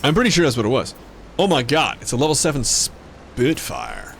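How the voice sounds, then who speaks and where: A young man narrating his gameplay in loose, joking commentary, swearing now and then. His pitch rises and falls a lot around a mid-height voice. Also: wildly swooping pitch, moderate pace, creaky, slight background noise. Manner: joking, swearing, rambling asides. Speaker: streamer.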